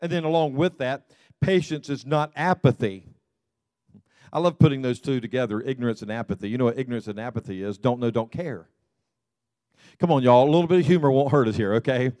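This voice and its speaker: A man's voice: mid-range voice, brisk, dark tone, no echo, clean studio sound. A man from the American South, preaching a conversational sermon as a pastor, repeating key phrases and adding light humor for the congregation.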